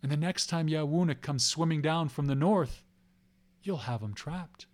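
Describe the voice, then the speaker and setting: A man puts on a wise old spirit in a spoken legend, a high, mocking old voice that repeats its taunts for emphasis. The pitch sits raised and the voice now and then sounds farther off. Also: moderate pace, close to an everyday voice.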